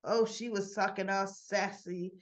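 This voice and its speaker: Speaking a little slowly in a steady, mid-range voice, a woman goes over soap opera episodes from home with her dog beside her, chatting loosely and checking in with "right?" often. The lo-fi recording sounds slightly dull.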